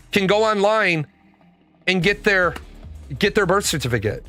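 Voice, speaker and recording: A man's voice: sits high, bright, forceful tone. A young man telling a personal story as a rant, swearing and exasperated. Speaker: host.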